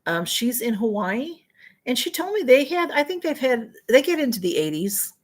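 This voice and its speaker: A woman's voice: fairly high pitch, very animated, moderate pace. A woman chatting her way through a casual livestream, reading out viewer comments as they come in. She talks in a friendly, rambling way, often apologizing for falling behind the chat. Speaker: livestream host.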